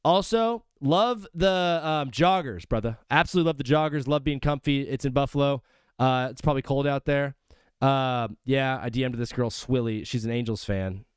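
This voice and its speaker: A man's voice: mid-range voice, moderate pace, clean tone, dry recording, clean studio sound. A young man hosting a live sports stream, chatting loosely and jokingly with viewers and calling them brother. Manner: rambling, jokey, calls viewers brother. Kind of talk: casual live-stream chat.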